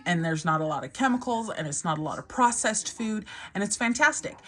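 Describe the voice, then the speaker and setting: A woman's voice: medium pitch, animated, brisk, a bit bright. A woman in her thirties, a mother vlogging in a casual, rambling way with many fillers and frequent laughs. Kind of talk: casual chat to camera.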